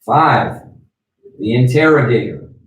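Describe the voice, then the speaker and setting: A man's voice: mid-range voice, animated, takes it slowly, distant mic. Male trainer, conversational lecture, roomy echo, a bit off-mic. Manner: conversational, checks in with "right?" and "okay?". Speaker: sales trainer.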